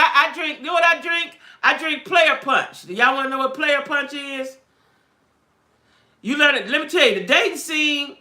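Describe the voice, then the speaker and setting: Woman on a livestream, frank streetwise talk, bright tone, echoey room. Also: high voice. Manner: frank, streetwise, keeps asking "right?" and "you know what I'm saying?". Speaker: livestream host chatting with viewers. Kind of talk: casual live chat about dating.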